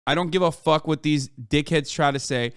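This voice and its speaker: Profane, ranting streamer man, high voice. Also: normal speed, fairly bright tone, clean tone, dry recording, clean studio sound. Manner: profane, heated, sarcastic. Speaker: streamer reacting to news. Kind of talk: ranting commentary.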